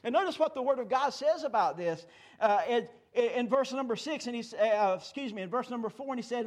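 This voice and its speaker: A man in his fifties preaching a sermon in a church, folksy and joking, swinging between loud declarations and hushed asides. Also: very high-pitched, lively intonation, a little fast. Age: 50s. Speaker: pastor. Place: church sanctuary.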